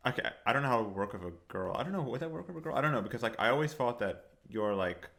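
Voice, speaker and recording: A man's voice: medium pitch, animated, very fast, vocal fry, fairly bright tone. A young man co-hosting a podcast, chatting casually and rambling with many fillers and restarts. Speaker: podcast co-host. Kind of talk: casual chat.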